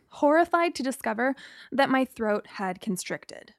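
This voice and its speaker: High-voiced young woman narrating a story. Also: expressive, no room sound, clean studio sound. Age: young adult. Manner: reflective and measured. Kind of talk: scripted first-person story narration.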